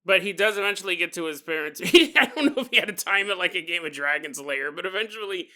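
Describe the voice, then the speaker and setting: A man's voice: sits high, animated, fast talker, sharp tone. A man hosting a podcast, telling a story casually with rambling, joking asides. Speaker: podcast host.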